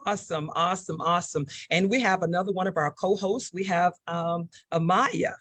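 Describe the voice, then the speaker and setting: An upbeat woman hosts a panel talk show, her voice husky and grainy. The sound is dry and close, with no room around it. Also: lowish voice, moderate pace, fairly bright tone, no echo. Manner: upbeat, repeats "awesome".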